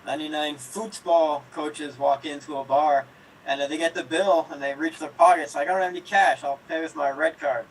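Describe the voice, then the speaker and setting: A man's voice: a little high, steady tone, moderate pace. A man telling improvised jokes in a rambling, self-correcting way. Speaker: improv player. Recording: distant mic, faint room noise.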